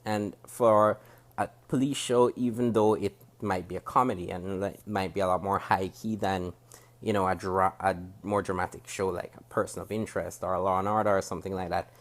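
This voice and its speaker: A man with a Jamaican accent, speaking to camera as he reviews a TV show. He talks in a critical, measured way and often restarts his sentences as he thinks aloud. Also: low-pitched. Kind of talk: casual spoken review to camera. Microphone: camera facing the speaker.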